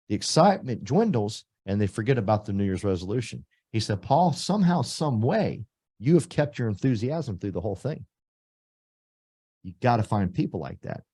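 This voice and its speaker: A middle-aged man from Texas, giving an emphatic motivational recruiting speech that swings between loud punches and soft asides. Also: medium pitch. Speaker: real estate company leader.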